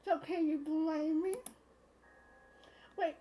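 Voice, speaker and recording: Woman voicing a young woman, flustered, exasperated, very high voice, slow. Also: fairly even intonation, warm tone, low-quality recording. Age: 20s. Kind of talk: reading a visual novel aloud on a live stream.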